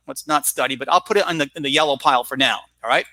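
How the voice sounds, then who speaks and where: A man's voice: on the high side, racing, few pauses, bright, forceful tone, no room sound. A middle-aged man giving a conference talk on teaching vocabulary, explaining with energy and checking in with his listeners with "right?" and "all right?". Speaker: ESL teacher presenting at a conference.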